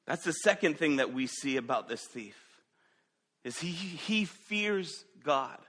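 A man preaching a sermon who asks the congregation direct questions and moves between loud emphatic stretches and quiet ones. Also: fairly high pitch, expressive, takes it slowly. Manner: dynamic preaching, rising loud then dropping to quiet. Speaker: pastor.

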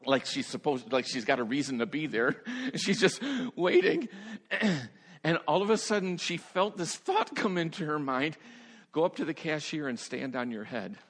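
A man preaching a sermon as a pastor, telling stories in an animated way, laughing often and stumbling over his first words. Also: fairly high pitch, moderate pace. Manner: animated storyteller, laughs often, repeats words when starting sentences. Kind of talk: sermon storytelling. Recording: long hall reverb.

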